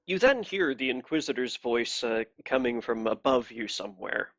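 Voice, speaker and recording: Man narrating a tabletop game, lively pitch. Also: normal speed. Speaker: game master.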